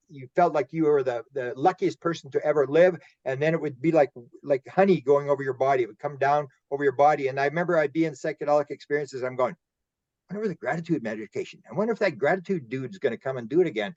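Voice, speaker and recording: Man, guest on a roundtable, rambling storyteller, slightly higher voice, dry muffled lo-fi sound. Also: a little mellow, no echo. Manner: rambling, repeats words while telling stories. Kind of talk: casual roundtable discussion.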